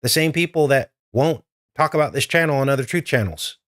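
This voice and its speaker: A man's voice: a little high, fairly quick, a bit bright, no room sound, studio quality. A man hosting a live stream, talking straight to his viewers in an urgent, earnest way. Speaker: livestream host.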